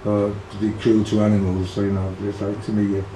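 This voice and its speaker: A man's voice: lowish voice, monotone, fairly quick. An older man with a Liverpool accent, casually reminiscing about his brother in an interview, rambling with many fillers and restarts. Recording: echoey room, faint background hiss.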